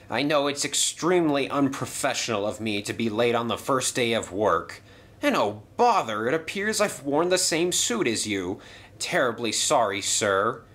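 A man's voice: medium pitch, fairly bright tone, lightly acted. A man voicing a polite, fussy lanky male railway controller who sticks to the rules. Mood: flustered. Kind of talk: toy train story voice acting.

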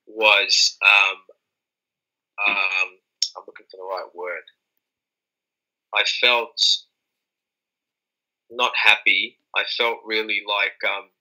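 A young man, a rapper, telling the story of his reaction in a casual interview, acting out his own surprised exclamations. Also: poor audio. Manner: animated, acts out his own reactions with sudden high-pitched exclamations.

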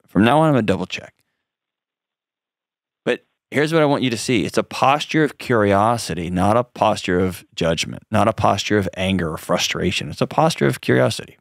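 A man's voice: lowish voice, animated, fairly quick, no room sound, studio quality. A man hosting a call-in advice show, coaching a caller in an earnest, direct way with frequent restarts.

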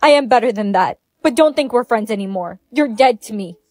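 High-voiced woman acting POV skits. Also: expressive, a little fast, a little mellow, no room sound. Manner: switches between many characters, dramatic. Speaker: skit creator.

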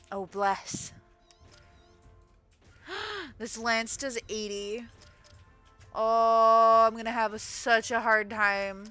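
Bright-voiced woman streaming a game. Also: a little high, clean tone. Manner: chatty, laughs often, reacts excitedly to loot. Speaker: gaming streamer. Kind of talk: casual let's-play commentary.

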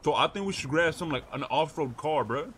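A man's voice: a little high, animated, quick pace, a bit bright, slight background noise. A young man streaming a role-play game, teasing and hyped, full of street slang. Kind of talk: casual role-play banter.

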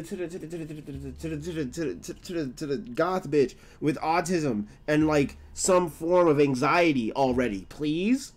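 A young man talking casually while livestreaming a game, loud and exaggerated, full of slang and mock complaints. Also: fairly high pitch. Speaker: game streamer. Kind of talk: casual gameplay livestream talk.

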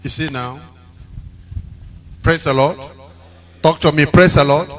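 A man preaching a sermon, telling stories with drama and breaking into shouted call-and-response lines. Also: on the high side, measured pace, pauses often, crowd noise. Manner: dramatic storytelling. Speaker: pastor.

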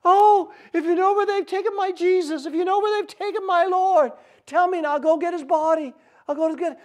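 A man's voice: fairly even intonation, fairly quick. A pastor voicing a grieving woman who pleads tearfully to know where her Lord's body has been taken. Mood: pleading. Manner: tearful, pleading, high strained voice.

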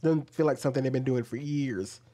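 A man's voice: mid-range voice, fairly even intonation, fairly quick, mellow. A man in the middle of his range talks back at clips he's reacting to. His tone is argumentative, and it climbs into heated, emphatic ranting as he presses his case. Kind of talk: reaction video commentary.

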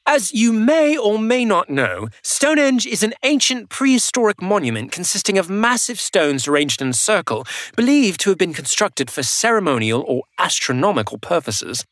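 A man's voice: high voice, sing-song, moderate pace, few pauses, fairly bright tone, no room sound, studio quality. A man playing an eager, long-winded Isaac Newton in a children's audio drama. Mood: lecturing. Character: Isaac Newton, eager know-it-all 17th-century scientist. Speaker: character actor.

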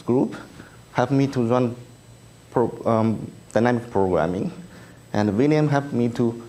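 Man with a Chinese accent, halting. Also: medium pitch, dark tone. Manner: halting, many ums and uhs, self-deprecating humor. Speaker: speaker at an engineering research review. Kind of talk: conference talk with slides. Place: conference room.

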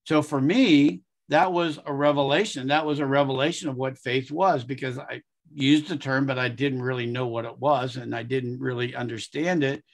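A male preacher tells a story during a sermon with earnest, unhurried delivery. His voice sits at a middle pitch, and he slips into the voices of the story's people as he goes. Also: steady tone, vocal fry.

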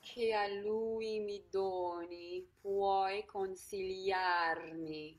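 A woman's voice: mid-range voice, steady tone, extremely slow. A woman student in a singing lesson, carefully repeating phrases after her coach and answering with short agreements.

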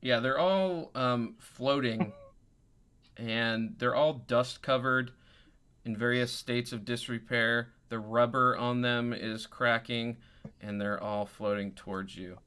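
A man's voice: medium pitch, steady tone, slow pace, bright, forceful tone, smooth. A man running a tabletop game as dungeon master, narrating in an easygoing, chatty way and laughing often.

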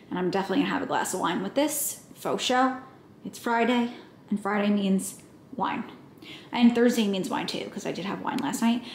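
Chatty young woman, echoey kitchen. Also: medium pitch. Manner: chatty, playful, swears casually, talks to camera. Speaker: vlogger. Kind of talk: casual vlog chat. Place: home kitchen. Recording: echoey room, faint background hiss.

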